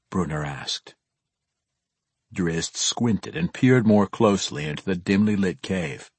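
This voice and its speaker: A man narrating a fantasy audiobook in an expressive, dramatic reading style with a husky voice. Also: low voice, a little slow, no room sound.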